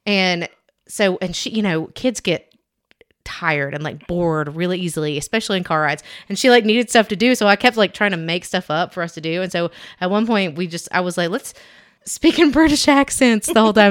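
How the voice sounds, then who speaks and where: A woman's voice: mid-range voice, moderate pace, fairly bright tone, clean tone. A young adult woman co-hosting a podcast, chatting casually and telling stories with lots of fillers and restarts. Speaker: podcast co-host. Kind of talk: casual chat.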